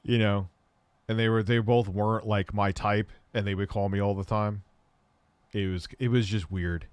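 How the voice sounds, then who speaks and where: Casting: man in his thirties, lowish voice, dry close mic, candid rambling livestream host. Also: fairly even intonation, moderate pace, smooth, no room sound. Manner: candid, rambling, self-deprecating storytelling. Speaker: livestream host answering chat questions. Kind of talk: casual livestream chat.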